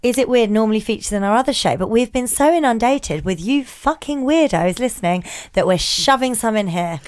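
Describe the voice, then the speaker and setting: A woman with a fairly high voice co-hosts a casual chat show. She tells stories in an animated way and giggles often. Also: fairly quick. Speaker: podcast co-host. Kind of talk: casual chat, reading a listener letter.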